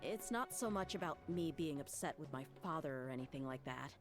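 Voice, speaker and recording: An earnest, loyal young servant woman from a video game, her voice lowish and sincere. She speaks with steady devotion. Faint game music sits behind her. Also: brisk. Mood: somber.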